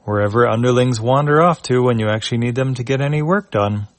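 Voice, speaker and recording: An irritable comic-book starship captain who snaps his orders short and bossy. A man voices him in a low, fairly deep voice. The recording is dry and close. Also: moderate pace, no echo, lightly acted. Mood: exasperated. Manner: curt, bossy. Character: stern male starship captain, curt and irritable.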